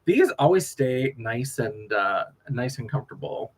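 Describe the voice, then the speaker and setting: A male drag performer chats casually on a late-night livestream, animated and laughing often as he drifts from one story to the next. His voice is mid-range and his pace unhurried.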